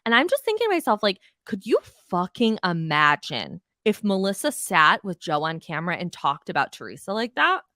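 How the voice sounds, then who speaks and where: A woman's voice: lowish voice, very animated, moderate pace, hardly any pauses, bright, forceful tone, no echo, studio quality. A woman hosting a podcast, ranting bluntly and profanely in a casual recap of reality TV. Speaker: podcast host.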